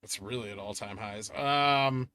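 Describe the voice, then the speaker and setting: A man's voice: fairly low pitch, measured pace, bright, forceful tone. A man streaming live, reading chat aloud and bantering in a sardonic way, swearing often and laughing at himself.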